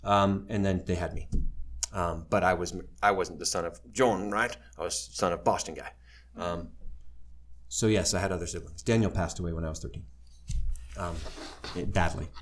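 Wry middle-aged man, low voice. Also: moderate pace, long pauses. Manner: wry, self-deprecating, animated when quoting others. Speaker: speaker sharing his life story. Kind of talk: candid storytelling to a live audience.

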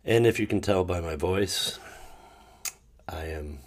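A man hosting his own podcast, talking in a rambling, emotional way and feeling low, often restarting and sometimes bursting out loudly. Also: slow, slight background noise. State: low and sad. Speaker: podcast host. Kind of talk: casual solo monologue.

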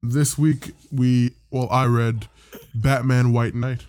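A man's voice: medium pitch, level tone, takes it slowly, a little mellow, no room sound. A man hosting a podcast, casually recapping a comic in a rambling, profane way and briefly putting on voices for the characters. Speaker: podcast host.

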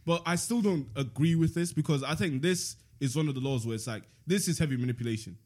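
This podcast host has a slightly high, somewhat mellow voice. He reads book passages aloud in measured fashion and then hashes them out with friends over a relaxed, playful chat full of laughter.

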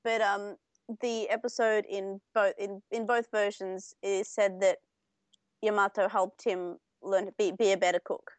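A young woman co-hosts a casual podcast, walking through an episode at length. She talks in a chatty way, full of fillers and restarts, at an ordinary middle pitch. Her voice is recorded dry and close to the mic. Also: level tone, a little slow, no room sound. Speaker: podcast co-host. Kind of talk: casual chat comparing anime versions.

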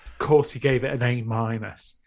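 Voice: medium pitch, steady tone, moderate pace, darkish tone. A co-host of a casual music podcast, wry and dry, making crude jokes.

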